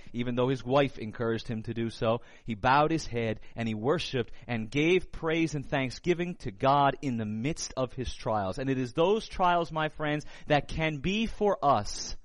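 A middle-aged man preaching a sermon earnestly, slowing and dropping low on key words. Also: dry recording. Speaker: pastor.

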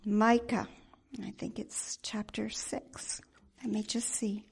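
A woman preacher telling a story in a sermon, in a dramatic and expressive way. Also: medium pitch, slow, gravelly, slightly rough, whispered.

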